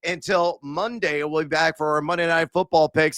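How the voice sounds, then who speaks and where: A middle-aged man co-hosting a sports betting podcast, energetic and jokey, breaking into shouts. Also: a little high, normal speed, no echo. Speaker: podcast co-host.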